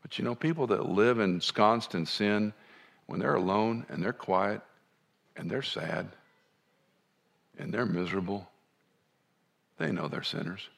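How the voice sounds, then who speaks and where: A man preaching a sermon in a conversational way, dropping to soft asides and rising to emphatic points. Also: lowish voice, a little slow, vocal fry, pauses often. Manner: conversational, wide swings between soft and emphatic.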